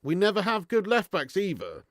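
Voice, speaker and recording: Here a high-voiced man at a moderate pace hosts a football watch-along live, trading lively, profane banter with his chat and answering what viewers write. There's no echo, and the studio sound is clean.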